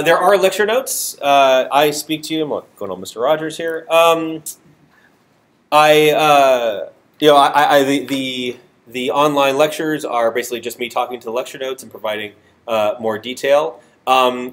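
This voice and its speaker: A man's voice: medium pitch, a bit bright. A man with a nasal voice giving a university programming lecture in a classroom, talking informally with many fillers and self-deprecating asides. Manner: filler-heavy, self-deprecating, restarts often. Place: classroom with hard walls.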